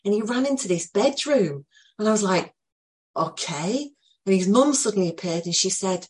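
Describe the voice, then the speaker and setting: A woman telling an emotional personal story to a group, earnest and full of pauses. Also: lowish voice, breathy edge. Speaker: group participant sharing a story.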